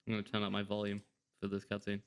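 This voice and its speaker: A man's voice: fairly low pitch, completely flat delivery, quick pace, gravelly, slight background noise. A man giving casual let's-play commentary, joking and sarcastic and laughing often. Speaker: gameplay commentator.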